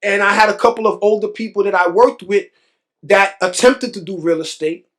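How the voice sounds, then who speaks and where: A man from New York, a real estate investor, telling his story in an animated interview, repeating phrases and acting out other people's words. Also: high-pitched, a little fast. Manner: animated, repeats phrases, acts out quoted voices.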